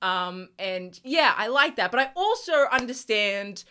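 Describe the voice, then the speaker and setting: High, bright gushing woman reviewer. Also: expressive, unhurried, slight background noise. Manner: gushing and emotional, laughs often, swears; fillers like "like" and restarts. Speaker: TV review vlogger. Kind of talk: casual chat.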